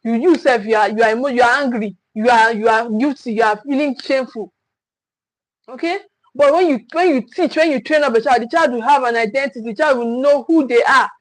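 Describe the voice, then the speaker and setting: A high-pitched woman coaches parents in an earnest livestream talk. She repeats key phrases for emphasis and slips into the voices of scolding parents. The sound is dry and close, with no room echo. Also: fairly quick.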